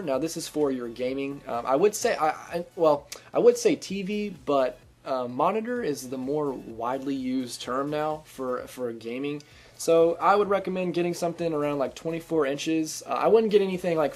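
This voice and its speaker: A man's voice: medium pitch, darkish tone. A man giving casual gameplay commentary as a gaming video host, chatty and upbeat with lots of ums and restarts. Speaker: gaming YouTuber giving channel tips.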